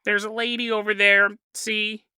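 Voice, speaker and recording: A man puts on a little boy with a nasal, whiny voice, and he drags the words out slow and deadpan. It comes across bright and close, with a lively, bouncing pitch and no room sound. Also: clear, resonant tone, dry recording. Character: small boy, three, in a nasal Woody Allen impression.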